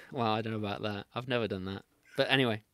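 A man's voice: fairly low pitch, steady tone, quick pace, a bit bright, smooth. A man from England, hosting a casual interview over a remote call, chatty and laughing often as he tells stories. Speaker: podcast host. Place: home, remote video call.

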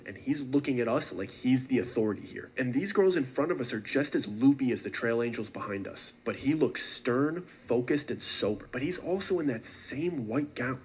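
A man telling a suspenseful first-person story in a steady narrating voice. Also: mid-range voice, breathy edge.

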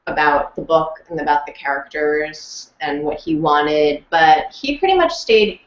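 A woman chats through an interview with lively, rambling energy and frequent laughs. Her voice sits a little low for a woman. The sound is roomy and a bit dull and lo-fi. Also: unhurried. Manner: chatty, animated, laughs often, many fillers. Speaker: interview guest, audiobook narrator and actress. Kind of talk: casual interview chat.

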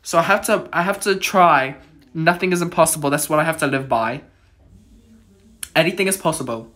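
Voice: mid-range voice, moderate pace, fairly bright tone. A gamer giving let's-play commentary on a horror game, jittery and exclaiming in fright, dropping to whispers at tense moments.

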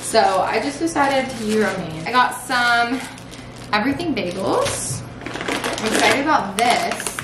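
A young woman chatting casually to her viewers at home as a lifestyle vlogger, relaxed and full of "like" fillers. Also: mid-range voice. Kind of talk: casual chat. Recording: steady background noise.

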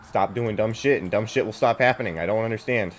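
A man with a lowish voice talks quickly while streaming a video game, rambling and swearing with plenty of fillers as he plays. It's casual gameplay commentary, with faint game music in the background.

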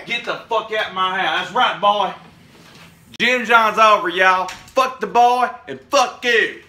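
A performer playing a crude, rowdy backwoods father who swears, shouts and laughs in bursts, in a comedy character sketch. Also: mid-range voice, unhurried, a little hiss or hum, pitched below the performer's own voice. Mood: hollering.

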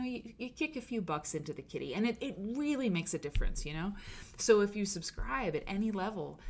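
A woman hosting a live stream show, chatting excitedly and rambling with lots of fillers. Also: medium pitch. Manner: gushing, animated, rambling with many fillers.

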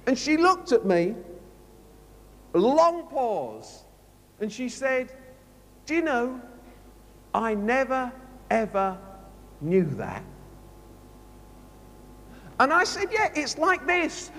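A man preaching a sermon, telling a story with lively storytelling and acting out both sides of a conversation. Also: very high voice. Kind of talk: sermon anecdote. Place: large conference hall. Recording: long hall reverb from a live conference.

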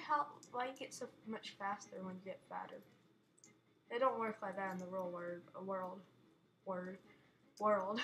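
Slow, bright-voiced woman gamer. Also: medium pitch, steady tone, slight background noise. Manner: chatty, giggly, playfully dramatic. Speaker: gaming video host. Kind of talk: casual let's-play commentary. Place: her bedroom.

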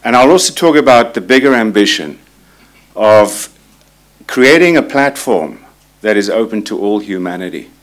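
A man's voice: fairly low pitch, animated, normal speed. A man in his sixties giving a reflective conference talk, telling personal stories and reading quotations aloud. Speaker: conference speaker. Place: conference hall.

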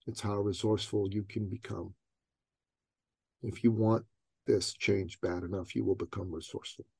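A man quoting a blunt, unflinching male business coach in a quiet, flat delivery. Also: fairly low pitch, moderate pace, creaky, husky, dry recording, voice pushed down. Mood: stern.

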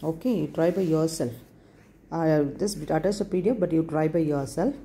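A woman teaching an English lesson in an Indian English accent. She speaks slowly, repeats words and spells them out letter by letter. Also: low-pitched, warm tone, slight background noise. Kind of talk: recorded classroom lesson.

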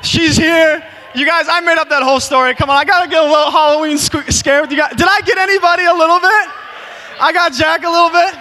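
Very high-voiced, bright youth pastor. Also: male voice, quick pace, slight background noise. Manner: animated storytelling, filler "like" and "you guys". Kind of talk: youth sermon. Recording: long reverb of a big hall.

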